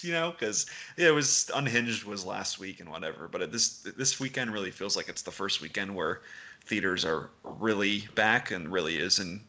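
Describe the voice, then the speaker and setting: A man with a strikingly bright, sharp voice co-hosts a casual film chat. He talks in a low register and breaks into frequent laughter between his points. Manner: laughs often, animated asides. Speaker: podcast co-host.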